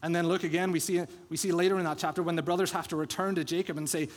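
Male pastor, slightly high pitch, earnest sermon delivery, church reverb. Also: fairly even intonation, quick pace, few pauses, breathy edge. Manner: earnest expository preaching that retells scripture scenes. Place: church sanctuary. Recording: long church hall reverb.

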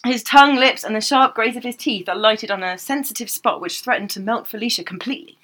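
Bright-voiced woman reading a romance aloud. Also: fairly high pitch, fast talker. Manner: reads the prose theatrically, breaking off to laugh and mock it. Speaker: podcast co-host reading a romance novel aloud. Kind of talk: comedic dramatic reading with laughing asides.

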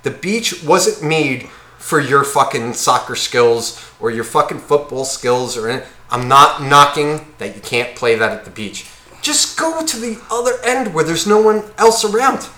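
A man's voice: fairly high pitch, lively intonation, a little slow, pushed and bright, roomy sound. A man, co-hosting a casual podcast and ranting with lots of swearing while acting out other people. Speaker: podcast co-host. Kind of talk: casual chat.

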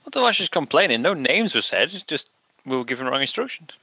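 A man playing a tabletop game, animated and quick to laugh. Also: on the high side, husky, dry recording. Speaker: player. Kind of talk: tabletop role-play.

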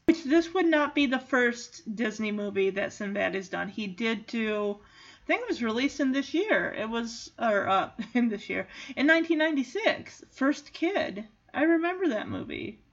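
A woman's voice: fairly high pitch, expressive, normal speed. A woman chatting casually through a movie recap. She giggles often and acts out the characters' lines. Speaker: movie reaction vlogger. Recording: dull lo-fi audio.

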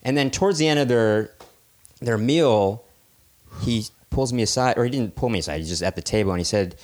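A man's voice: mid-range voice, a little fast, darkish tone. A man co-hosting a casual podcast, telling a long rambling anecdote and chuckling between phrases. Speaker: podcast co-host. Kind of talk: casual chat, storytelling.

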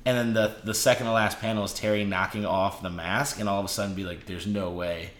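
Dude chatting comics, laughs a lot, roomy echo on the mic. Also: male voice, lowish voice, fairly even intonation, fast, fairly bright tone. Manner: enthusiastic, laughing, quoting characters with "like". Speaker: podcast co-host. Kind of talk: casual comic book chat.

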